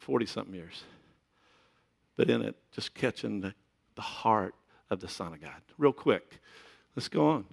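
A man's voice: medium pitch, creaky, a bit bright. A middle-aged man preaching a sermon in a conversational way, with joking asides to the congregation. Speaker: pastor.

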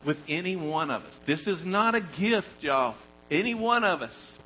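A man preaching a sermon, talking to the congregation in an animated, conversational way that swings from loud emphasis to quiet storytelling. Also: fairly high pitch, moderate pace, a little hiss or hum, rough recording.

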